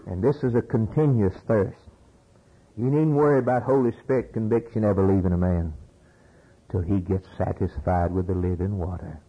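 An older American man preaching a sermon, now calm and low, then rising to loud, high exclamations. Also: moderate pace, slightly rough, dull audio. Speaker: pastor.

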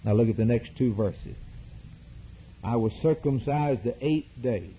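A man's voice: mid-range voice, a little slow, warm tone, slight background noise, rough recording. A man preaching a sermon in an emphatic, repetitive cadence, heard as a radio broadcast.

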